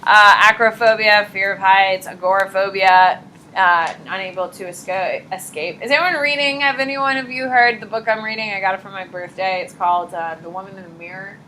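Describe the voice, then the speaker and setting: Chatty bright-voiced young woman teacher. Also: mid-range voice, normal speed, slight background noise, rough recording. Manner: chatty, animated, frequent "like" and "uh". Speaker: high school teacher. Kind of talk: casual classroom lecture. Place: classroom.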